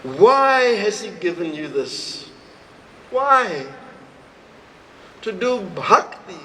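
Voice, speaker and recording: Slow high-voiced man giving a sermon. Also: slight background noise, low-quality recording. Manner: slow, storytelling, acts out dialogue with expressive rises in pitch. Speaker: swami giving a spiritual talk. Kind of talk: devotional talk to a live audience. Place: retreat hall, recorded live.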